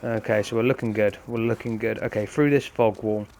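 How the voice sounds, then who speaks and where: A man's voice: on the low side, steady tone, a little fast, vocal fry, a little mellow, a little hiss or hum. A man commenting casually on a game, explaining each step to viewers in a chatty way. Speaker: gaming host. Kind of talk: casual let's-play commentary.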